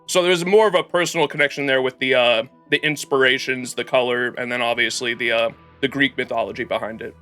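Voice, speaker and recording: Bright-sounding guy rambling through game lore on a stream, faint music behind. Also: mid-range voice, fairly even intonation, fast, few pauses. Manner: rambling, chatty, reads game text aloud with restarts. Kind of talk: casual livestream commentary and lore reading.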